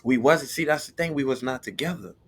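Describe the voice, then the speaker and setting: A young man co-hosting a podcast, telling a story in casual chat, slangy and animated, acting out the voices of others. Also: medium pitch, a little fast, breathy edge. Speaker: podcast co-host.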